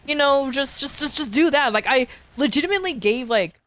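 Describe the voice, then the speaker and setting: In a high, brisk voice, a female streamer rambles casually through a long personal story, restarting often. She gets animated whenever she voices the people she's quoting.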